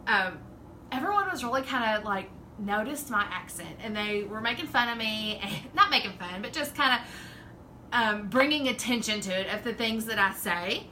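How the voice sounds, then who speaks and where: A woman's voice: a little high, bright, forceful tone, a little hiss or hum, poor audio. A woman with a Southern drawl chatting casually and rambling as the host of a home craft livestream. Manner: chatty, rambling, laughs often. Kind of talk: casual live-stream chat.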